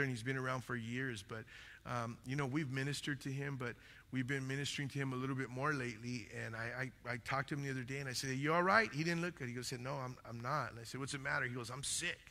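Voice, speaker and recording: Male pastor, earnest and repetitive preaching, bright voice in a reverberant hall. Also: mid-range voice. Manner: earnest, repeats phrases, says "man" often. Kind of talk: sermon. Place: church hall. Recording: long church reverb.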